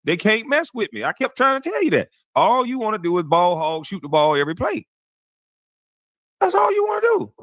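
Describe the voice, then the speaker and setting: Speaking fairly quickly with a high, sing-song, fairly bright voice and hardly any pauses, this forties-aged ex-basketball player brags over old footage. His profane, boastful commentary is full of laughter and calls of "boy," recorded clean at studio quality with no room sound.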